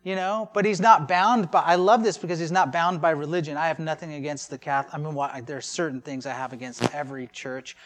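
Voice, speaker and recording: A man's voice: on the high side, fairly even intonation, fast talker, hardly any pauses. A man preaching a sermon in a conversational way, with rhetorical questions and joking asides. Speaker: pastor.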